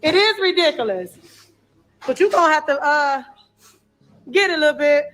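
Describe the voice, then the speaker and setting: A woman filming on her phone while clearing out a dirty house, talking bluntly with lots of swearing and exclamations. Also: high voice, lively intonation, moderate pace, a bit bright. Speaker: cleanup crew member filming a house. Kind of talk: casual vlog commentary while working.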